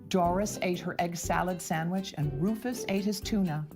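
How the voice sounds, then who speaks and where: A woman narrating a children's storybook aloud for English learners, slow and expressive. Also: on the low side. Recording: background music.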